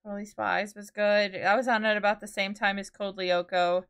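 A woman's voice: medium pitch, flat delivery, moderate pace, a bit bright, smooth. A woman in her twenties, chatting casually with her viewers on a live stream. She rambles as she talks, with lots of "like" and "dude".

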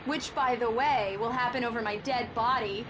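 An actress playing an affectionate young wife in a video game. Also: female voice, on the high side, steady tone, normal speed, a crowd in the background, lightly acted, poor audio. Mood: fond.

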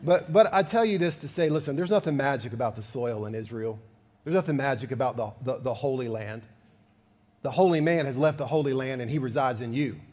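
A man's voice: mid-range voice, a little fast, darkish tone, big-room sound. A male pastor giving a sermon, conversational and building to fervent emphasis. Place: church sanctuary.

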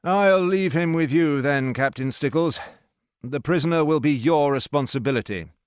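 Guy putting on a harsh commanding officer, loud and pushy, dry close sound. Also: fairly high pitch, normal speed, clear, resonant tone, no room sound, voice pushed up, close to an everyday voice. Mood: grudging. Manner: barking, forceful orders. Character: stern male army officer, harsh and commanding.

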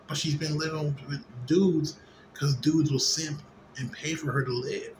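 A man's voice: on the high side, moderate pace. A slightly drunk man in a rambling, profane late-night monologue, full of fillers and restarts. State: a little drunk. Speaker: vlogger. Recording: noisy ambience behind voice.

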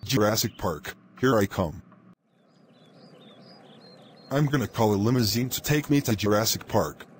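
A man's voice: on the low side, expressive, unhurried, long pauses, a little hiss or hum. Man voicing a whiny troublemaker dinosaur. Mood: scheming. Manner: whiny, scheming. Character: young male dinosaur, mischievous troublemaker.

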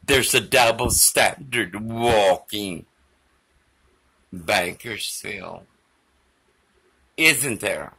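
A man's voice: fairly low pitch, very slow, gravelly, pauses often, bright, forceful tone, husky. A man giving a theatrical, emphatic political monologue. His voice is failing, and he slips Spanish phrases and prayer into it.

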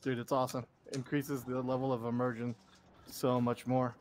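A man's voice: medium pitch, flat delivery, moderate pace. A man racing with friends on a voice call, chatting casually, exasperated and profane and laughing often. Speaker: sim racer on a voice call. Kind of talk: casual chat over voice call.

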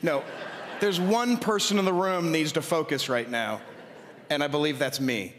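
A male pastor preaching a sermon, reading scripture aloud with lively asides. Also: fairly high pitch, normal speed, slight background noise. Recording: long hall reverb.

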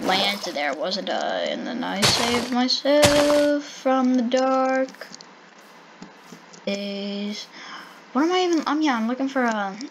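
A woman giving playful, excitable commentary while playing a survival game, calling out to animals in sing-song baby talk. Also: on the high side, slow, background noise. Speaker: gaming channel host.

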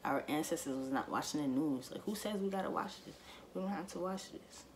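A woman's voice: low-pitched, brisk, a little hiss or hum. A woman vlogger in a casual to-camera monologue, speaking emphatically and repeating her points straight to her viewers.

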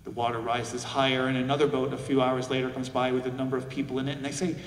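A man's voice: mid-range voice, flat delivery, quick pace. A male pastor preaching a sermon, reflective, with rhetorical questions. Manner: reflective, asks rhetorical questions, acts out quoted voices. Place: large church sanctuary. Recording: echoey church hall from far off.

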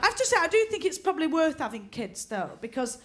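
High-voiced woman doing stand-up. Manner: deadpan punchlines, quick character voices. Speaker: stand-up comedian. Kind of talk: stand-up comedy routine. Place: comedy venue with live audience. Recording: live audience laughter, stage mic.

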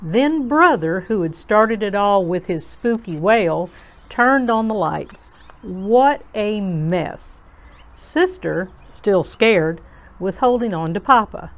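A woman reading a children's storybook aloud to kids as host, in a slow, gentle, expressive way. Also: medium pitch.

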